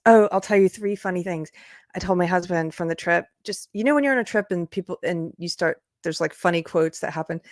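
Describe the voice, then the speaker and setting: A low-voiced woman hosts a relaxed, casual livestream from an upstairs room indoors, chatting loosely, drifting into asides, and breaking into laughter. The audio is dry and close, with no room sound around it.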